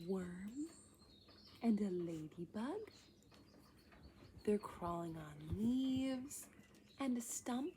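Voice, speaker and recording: A woman reading a picture book aloud to young children, often in a hushed, whispery voice with gasps of wonder, pointing things out and asking questions. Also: mid-range voice, takes it slowly, pauses often, slight background noise. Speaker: children's storybook reader.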